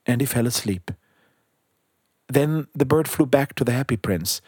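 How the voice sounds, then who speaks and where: A man reading a children's storybook aloud in a calm, steady narration. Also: mid-range voice, normal speed, slightly rough, no room sound, studio quality.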